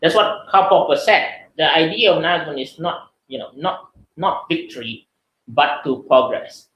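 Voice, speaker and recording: A man's voice: fairly high pitch, expressive, moderate pace, a bit bright, echoey room, muffled recording. A man giving a casual webinar talk, answering questions with lots of fillers and "right?" tags. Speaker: webinar speaker.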